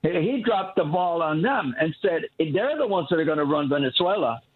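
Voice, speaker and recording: Lively high-voiced man on a phone line. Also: moderate pace, slightly rough. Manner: rambling, restarts often, acts out quoted people. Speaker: caller. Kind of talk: call-in radio talk.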